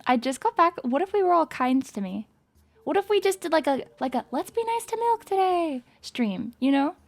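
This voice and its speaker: Excitable young woman streamer, high voice. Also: a little fast, vocal fry. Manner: playful and excitable, swearing, bursts into loud screams and laughs. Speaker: livestreamer. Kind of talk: casual chat to stream viewers.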